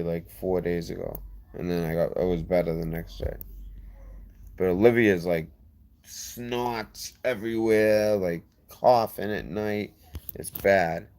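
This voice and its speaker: A man hosting a casual livestream, reading viewer comments and rambling, getting heated and fast when he defends himself. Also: deep voice, a little mellow. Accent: lazy-sounding regional accent. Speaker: livestream host.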